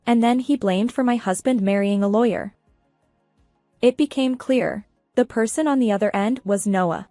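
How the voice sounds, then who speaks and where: Female storyteller for a revenge-drama channel, steady delivery, slightly high voice. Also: normal speed, no room sound, soft background music. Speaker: story narrator. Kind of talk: first-person revenge story narration.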